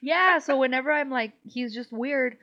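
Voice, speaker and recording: A woman's voice: high-pitched, moderate pace. A woman co-hosting a casual podcast, rambling and swearing freely, laughing often, a little tipsy. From Mexico. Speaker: podcast co-host. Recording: slightly dull lo-fi sound.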